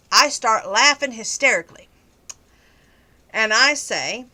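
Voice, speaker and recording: Bright, lively woman telling stories. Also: fairly high pitch, measured pace. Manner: animated, sarcastic, chatty. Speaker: vlogger. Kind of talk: casual storytelling to camera.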